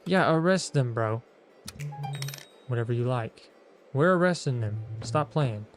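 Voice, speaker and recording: A man's voice: mid-range voice, expressive, a little slow, soft background music. Joking, slangy male game streamer. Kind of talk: gaming commentary.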